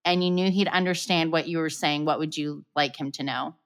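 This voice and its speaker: A woman's voice: sits low, fairly even intonation, fairly quick, smooth. A woman hosting a casual interview, reading out questions steadily and laughing often. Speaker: podcast host.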